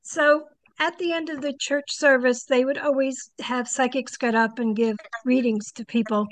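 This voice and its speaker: A woman's voice: high-pitched, steady tone, normal speed, no room sound. An older woman, a psychic guest, telling stories in a casual interview and animatedly acting out the people she quotes.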